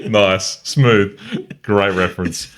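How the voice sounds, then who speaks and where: A man's voice: on the low side, fairly bright tone. A man co-hosting a casual film review podcast, easygoing with dry teasing. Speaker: podcast co-host.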